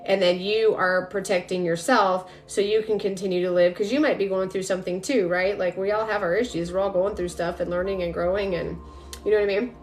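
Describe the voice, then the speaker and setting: A woman's voice: medium pitch, fairly even intonation, fairly quick. A young adult woman, a spiritual energy coach, talking casually and directly to viewers on a live stream. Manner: chatty, rambling, addresses viewers directly. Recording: faint music behind.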